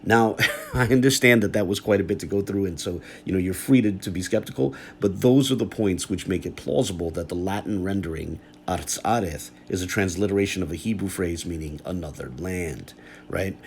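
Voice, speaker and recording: Deep-voiced man giving a scholarly talk. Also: a little hiss or hum. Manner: measured, often adds "right?" and "you know". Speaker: scholar explaining texts. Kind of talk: lecture-style video talk.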